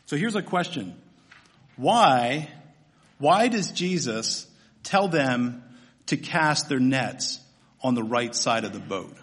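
A man's voice: medium pitch, animated, slow, pauses often, a bit bright. A man preaching a sermon in a church, humorous and conversational, often asking his listeners questions. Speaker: pastor.

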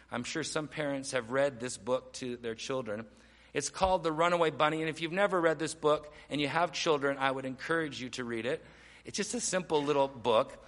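A man preaching a sermon as pastor, earnest and emphatic, slowing down to stress key words. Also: on the high side, a bit bright, big-room sound.

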